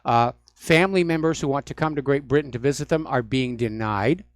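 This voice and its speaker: A man's voice: mid-range voice, a little fast, dry recording, clean studio sound. A man hosting a talk radio show, delivering solo commentary in a sardonic, mocking manner. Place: radio studio.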